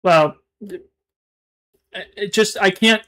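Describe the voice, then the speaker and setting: A male streamer talking to his chat in a loose, halting ramble, often restarting his sentences. His voice sits a little high for a man. By his own account his delivery is monotone and his words are not crisply enunciated. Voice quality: mumbled, self-described monotone. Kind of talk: casual live-stream chat.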